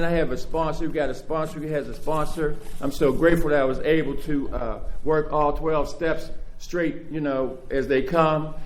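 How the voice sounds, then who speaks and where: A man giving a profane, streetwise recovery talk as guest speaker at a conference, building up to shouting like a preacher. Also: on the high side. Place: conference hall. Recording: echoey hall.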